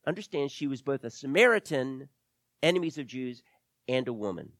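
A man's voice: a little high, sing-song, moderate pace, no room sound. A male pastor preaching a sermon, reading scripture and pressing his points with emphatic repetition. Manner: emphatic, repeats phrases for stress.

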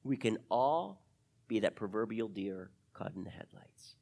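Pastor preaching to the church, very up and down, fast then slow and soft, midrange voice. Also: medium pitch, creaky. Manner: animated, swinging from quick and loud to slow and hushed; talks directly to the congregation. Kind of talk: sermon.

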